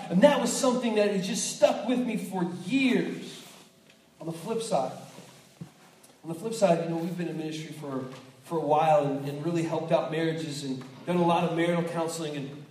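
High-voiced pastor in an echoey hall. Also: male voice, normal speed, slight background noise. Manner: storytelling with lively acted quotes and many restarts. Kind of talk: sermon. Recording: echoey hall, distant mic.

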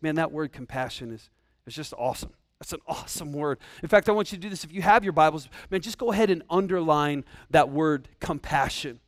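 High-voiced man preaching casually. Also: animated, fairly quick, no room sound. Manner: casual, humorous preaching with slang asides. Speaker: pastor. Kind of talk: sermon.

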